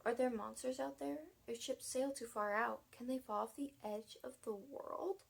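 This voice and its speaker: Young boy, curious and earnest, full of wonder, voiced by a woman reader. Husky, slightly high. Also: steady tone, normal speed. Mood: eager.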